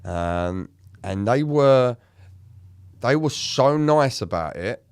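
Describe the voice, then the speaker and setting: A podcast co-host in recovery tells an honest story about himself, emotional and swearing, voicing the lines others spoke. He speaks slowly and expressively in a smooth, darkish, mid-range voice, with no room sound.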